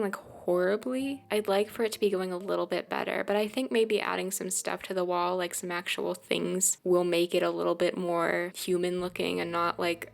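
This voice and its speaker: A woman's voice: on the low side, gravelly. A woman chatting sarcastically and self-deprecatingly as she narrates her gameplay in a casual vlog. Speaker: gaming vlogger.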